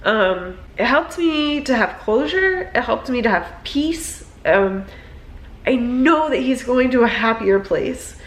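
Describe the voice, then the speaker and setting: A woman's voice: on the high side, expressive, slow pace, reverberant. A young woman talking in a rambling, emotional way, filling her speech with "like" and "um", in a personal vlog. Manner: emotional, rambling, many fillers. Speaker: vlogger.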